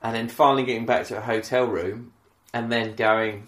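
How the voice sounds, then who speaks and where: A man co-hosting a casual podcast chat, telling a story in an animated way and acting out the quotes. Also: mid-range voice, brisk, reverberant. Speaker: podcast co-host.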